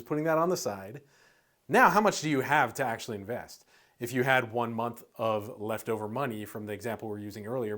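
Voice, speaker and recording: A man hosting an investing channel, explaining in a casual, chatty way with lots of "um" and the odd "dude", sometimes acting out nervous investors. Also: medium pitch. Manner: laid-back, chatty, uses "um" and "dude"; acts out worried investors in lively asides.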